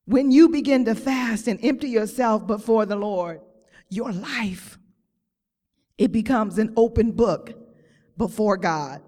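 Close to tears, a woman preaches in church, using call-and-response with the congregation and stretching her words out slowly for emphasis. She has a warm, mid-range voice, and the audio carries a big-room sound.

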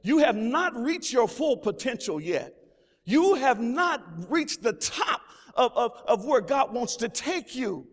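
A man's voice: very high voice, sing-song, slow. A man preaching a sermon as pastor, with exclamations of praise and repeated phrases. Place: church sanctuary. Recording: long reverb of a large hall.

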